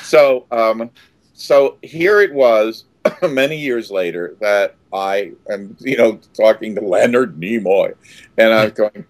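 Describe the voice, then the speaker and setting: A man in his sixties, an actor being interviewed, telling stories with much animation, acting out quotes with sudden loud outbursts and many restarts. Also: lowish voice, a little slow, no room sound.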